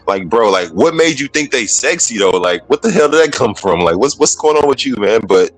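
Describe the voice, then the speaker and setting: A man's voice: medium pitch, animated, brisk, hardly any pauses, soft background music, low-quality recording. Laid-back joking podcast co-host man. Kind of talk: casual podcast discussion.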